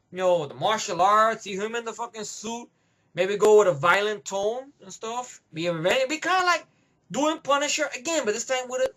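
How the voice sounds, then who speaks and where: Animated, swearing man ranting about movies. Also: sits high. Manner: profane, rambling, emphatic. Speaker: movie reviewer.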